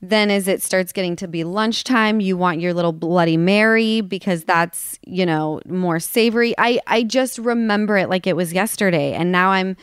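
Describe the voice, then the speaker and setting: A woman's voice: on the low side, normal speed, few pauses, smooth, no echo, studio quality. A woman hosting a podcast in casual, candid chat, open and emotional, laughing often. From Los Angeles. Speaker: podcast host.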